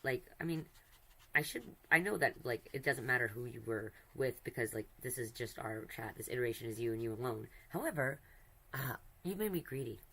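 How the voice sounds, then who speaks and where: A woman's voice: rumbling low, animated, brisk, fairly bright tone, poor audio. A woman streamer chatting casually while she draws, rambling and giggly, affectionate, often breaking off mid-sentence. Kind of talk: casual chat while drawing.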